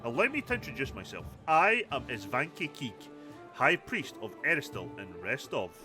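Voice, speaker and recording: A man reading a humble high priest. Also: very animated, normal speed, over music, close to an everyday voice. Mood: courteous.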